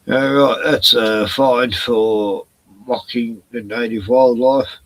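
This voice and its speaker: A man's voice: mid-range voice, fairly even intonation, takes it slowly, a bit bright, no echo, poor audio. A man chatting on a live stream in a rambling, profane rant full of sarcastic jokes, short on sleep. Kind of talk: casual ranting chat.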